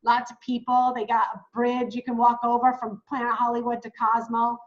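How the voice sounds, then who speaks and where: A woman coaching new travel agents in a casual, excitable way, talking straight to viewers as "guys". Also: on the high side, moderate pace, dull audio. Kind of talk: casual teaching while screen-sharing.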